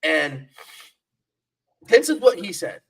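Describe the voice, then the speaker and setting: A man's voice: high voice, big pitch swings, slow, creaky, slightly rough, faint music behind, rough recording. A man co-hosting a sports podcast, talking in a playful, repetitive trash-talk style. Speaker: podcast co-host. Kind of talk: casual sports chat.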